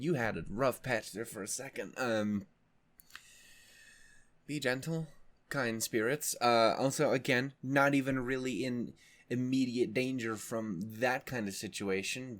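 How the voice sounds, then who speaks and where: A man hosting a reaction video in casual chat, rambling and joking, swearing freely with many fillers and restarts. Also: on the low side.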